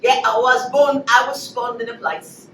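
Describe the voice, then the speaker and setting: A woman's voice: on the high side, steady tone, moderate pace. A woman performing improv comedy, playful and joking, slipping in and out of put-on accents. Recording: echoey room, mic from a distance, noisy.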